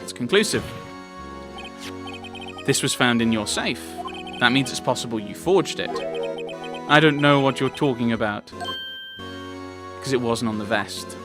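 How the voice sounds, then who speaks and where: A male let's player works through a courtroom game, voicing the characters' lines himself and ranting about the plot over game music. His voice is medium-pitched with lively intonation, and he speaks unhurriedly with long pauses.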